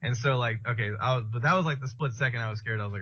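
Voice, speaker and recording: A man's voice: medium pitch, racing, bright, forceful tone. A young man co-hosting a casual podcast, rambling and swearing as he tells a work story and acts out what people said. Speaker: podcast co-host. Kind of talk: casual chat. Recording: dull lo-fi sound.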